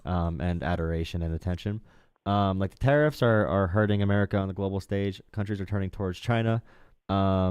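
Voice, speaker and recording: A young man runs a live political call-in, his voice sitting a little low and moving quickly. He stays calm and teasing, padding his points with fillers, recorded close and dry. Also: clean tone, dry recording. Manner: calm, mocking, filler-heavy. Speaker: host.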